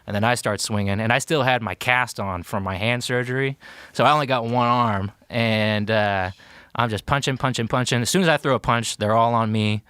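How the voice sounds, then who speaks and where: American guy telling a story on a podcast, lots of "like"s, acts out the lines, crisp and dry. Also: mid-range voice, moderate pace, no room sound. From United States. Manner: animated retelling, acting out quotes, many fillers. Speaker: podcast guest, war veteran. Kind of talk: casual storytelling.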